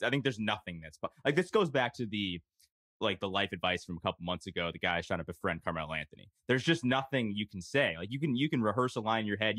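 A man co-hosting a podcast, chatting casually in quick bursts. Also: lowish voice, pushed and bright, no echo. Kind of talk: casual chat.

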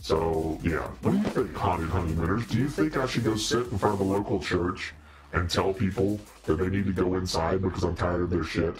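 A man's voice: low-pitched, normal speed, music in the background. A man in a casual live-stream chat with viewers, playful and mock-preachy, laughing often. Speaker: costumed demon-character livestreamer.

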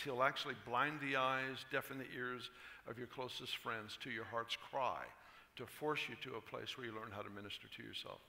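A male pastor speaking at a conference, telling jokes in a relaxed, chuckling way before preaching. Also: mid-range voice, gravelly. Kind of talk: sermon with told jokes. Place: large conference hall. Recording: echoey hall, faint noise.

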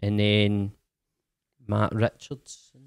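A man's voice: on the low side, monotone, takes it slowly, gravelly, clear, resonant tone, no echo, clean studio sound. A young Scottish man, a guest comedian, telling sweary, laughing anecdotes in casual podcast chat. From Scotland. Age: young adult.

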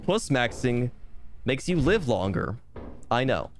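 A man's voice: medium pitch, very animated, slow, a little hiss or hum. Playful joking male game streamer. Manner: playful, rambling, self-mocking jokes. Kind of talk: casual gameplay commentary. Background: piano game music.

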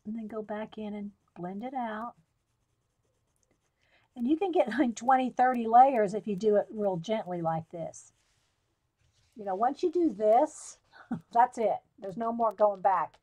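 A woman's voice: fairly high pitch, lively intonation, unhurried, pauses often, warm tone. Chatty woman demonstrating coloring live. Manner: chatty, giggles often, greets viewers by name. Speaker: coloring tutorial livestream host.

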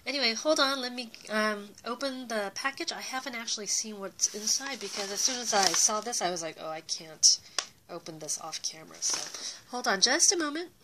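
A woman's voice: mid-range voice, background noise. A young woman casually chatting to her viewers as she unboxes handmade craft gifts, full of fillers and gushing over the details. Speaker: craft YouTuber.

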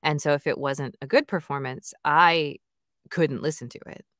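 A woman's voice: sits low, fairly even intonation, normal speed, a bit bright, no echo, clean studio sound. A woman audiobook narrator and author chatting in an interview, enthusiastic and full of fillers. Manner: chatty and enthusiastic, many "like" and "you know" fillers. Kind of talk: casual interview chat.

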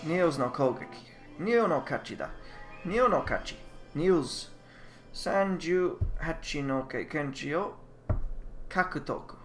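A man's voice: a little high, expressive, measured pace, faint music behind. A man playing a game and commenting in English, working through its Japanese text line by line and often trailing off to second-guess himself. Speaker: let's player.

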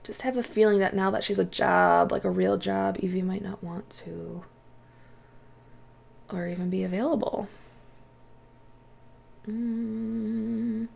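A woman's voice: medium pitch, slow, gravelly, long pauses, darkish tone. A woman hosting a let's play, chatting casually through her gameplay, often exclaiming and talking to the characters on screen.

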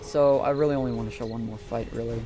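A man's voice: mid-range voice, fairly even intonation, fast talker, very noisy. A man giving casual, profane commentary over a replay of his own game. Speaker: gameplay commentator.

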